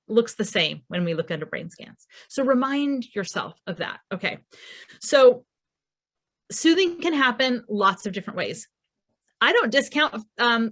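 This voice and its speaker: A woman's voice: fairly high pitch, a bit bright. A woman presenting a recorded parenting masterclass in a conversational way, acting out quoted dialogue as she speaks.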